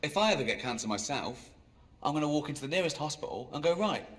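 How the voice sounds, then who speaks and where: A man doing stand-up in a dry, self-mocking way that jumps into high, exasperated squeals. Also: animated, fast, fairly bright tone. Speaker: stand-up comedian. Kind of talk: stand-up routine. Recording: live comedy club with crowd laughter. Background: audience laughing.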